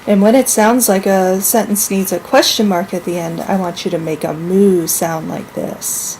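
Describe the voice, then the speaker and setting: A woman teaching a lesson to young children, speaking clearly and acting out example sentences with lively expression. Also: medium pitch, moderate pace, noisy background. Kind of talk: model classroom minilesson.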